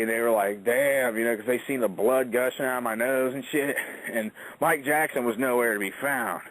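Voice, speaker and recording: A man's voice: mid-range voice, fairly bright tone, low-quality recording. A man, a wrestler, telling an in-ring story in a casual, profane interview, acting out quotes as he goes.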